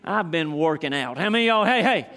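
A middle-aged preacher with a drawl and a high, bright-pitched voice, delivering a sermon from the pulpit. He drops to near whispers, then builds to shouted refrains, repeating key lines for emphasis. His voice carries a long reverb, as if filling a church sanctuary. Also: animated, fast. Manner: dramatic swings from hushed to shouted, repetitive emphatic delivery. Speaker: pastor.

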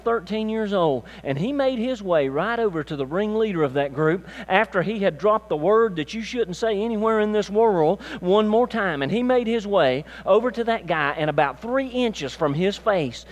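An older man preaching a sermon as pastor, building to emphatic, rising calls to his church. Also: sits high.

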